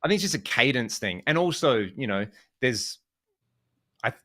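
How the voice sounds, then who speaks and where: A man's voice: medium pitch, animated, moderate pace, sharp tone. An Australian man from Western Australia, chatting casually as a podcast guest, rambling with lots of fillers and restarts. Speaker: podcast guest, guitar video creator. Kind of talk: casual chat.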